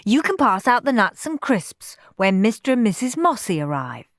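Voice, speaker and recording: A woman voicing a busy, stern mother who speaks briskly and firmly in a storybook reading. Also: mid-range voice, sing-song, fairly bright tone, dry recording, clean studio sound. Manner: brisk, firm.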